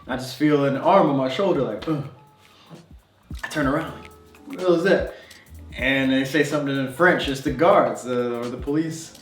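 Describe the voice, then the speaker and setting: A travel vlogger in his young adult years talks to camera about a journey, relaxed and conversational, dropping in fillers and laughter. His medium-pitched voice moves fairly quickly. A distant mic gives the recording a roomy feel, and music plays faintly.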